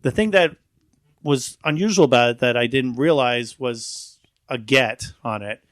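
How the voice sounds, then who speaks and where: Man from Florida, animated podcast guest, acts out dialogue, laughs a lot, dry close sound, mid pitch. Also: a little slow, dry recording. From Florida, USA. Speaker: guest, magician and balloon artist. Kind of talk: casual podcast conversation.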